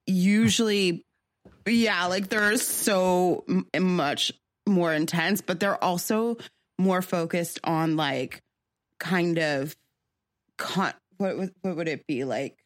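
A woman's voice: on the low side, takes it slowly, no room sound, studio quality. A young woman co-hosting a podcast, chatting casually about shows with lots of fillers and restarts. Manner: rambling, many fillers and restarts. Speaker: podcast co-host. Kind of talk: casual chat.

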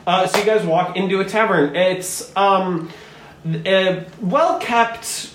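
A man's voice: high-pitched, slow pace, fairly bright tone. A man narrating a tabletop game as dungeon master, hesitant with many ums. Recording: echoey room, faint noise.

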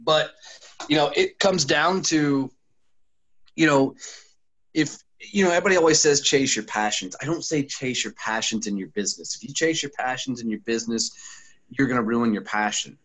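A man's voice: medium pitch, normal speed, a bit bright, rough recording. A man, a podcast guest and former sales trainer talking bluntly and profanely in a casual interview, full of anecdotes.

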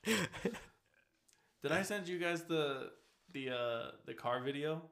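Podcast host, man; chatty, rambling, laughs easily, very animated delivery. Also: on the high side, takes it slowly, gravelly, reverberant, background noise. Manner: rambling, laughs a lot, swears. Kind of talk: casual podcast chat.

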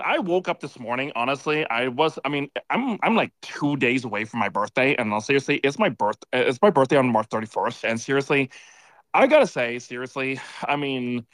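A man's voice: mid-range voice, a bit bright, dry recording. A man calling into a live audio chat from a bar, a bit tipsy from beer, rambling and exasperated with lots of filler words. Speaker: caller.

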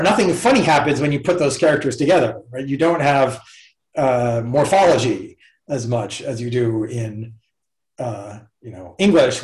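A man's voice: mid-range voice, darkish tone. A man, a professor guest in a casual interview, explaining ideas thoughtfully and step by step. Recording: roomy echo.

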